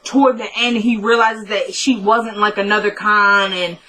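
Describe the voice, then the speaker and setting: A woman's voice: medium pitch, steady tone, normal speed, bright, forceful tone, rough recording. A woman giving a casual, chatty recap of a TV episode, retelling scenes line by line and adding opinionated asides. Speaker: TV recap vlogger.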